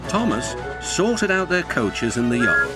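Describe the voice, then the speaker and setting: British guy telling a kids train story, very animated voice, music playing. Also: medium pitch, measured pace. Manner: warm storytelling, expressive. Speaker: narrator. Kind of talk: scripted storybook narration.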